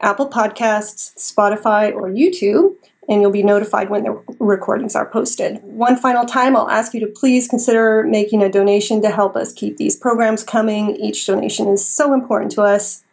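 A woman's voice: medium pitch, steady tone, moderate pace, gravelly, darkish tone. A woman hosting a talk program who gives scripted closing remarks and thanks her guests graciously. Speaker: program host.

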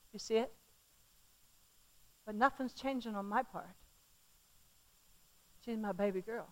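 A middle-aged woman preaching a sermon, emphatic and often asking the congregation questions, swinging from loud declarations to hushed, tender storytelling. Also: high voice.

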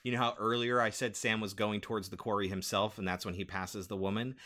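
A man's voice: lowish voice, little pitch movement, brisk, bright, forceful tone. A man co-hosting a casual chat, explaining things and adding film trivia.

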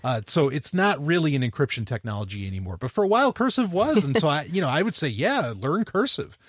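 Man podcast co-host, a bit high, rambling, dry recording. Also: sing-song, fast, a bit bright, breathy edge, no echo. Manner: rambling, many fillers and restarts. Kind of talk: casual chat.

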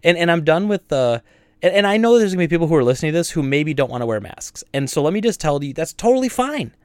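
A man co-hosting a podcast, ranting in a casual, animated and exasperated way about store customers. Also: fairly high pitch, fast, no echo, studio quality. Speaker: podcast co-host and store owner.

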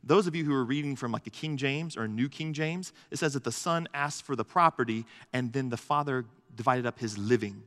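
Male pastor preaching, earnest, stacks up lists, big hall echo, mid-pitched. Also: fairly quick, few pauses, fairly bright tone. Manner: earnest, emphatic, builds lists to a peak. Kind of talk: sermon. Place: church hall. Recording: long reverb of a large hall.

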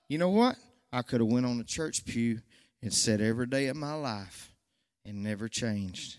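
A man's voice: mid-range voice, animated, normal speed. A nervous man, giving a church testimony that swells into fervent preaching. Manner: Southern country speech, swells to fervent shouts. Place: church sanctuary. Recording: long church hall reverb.

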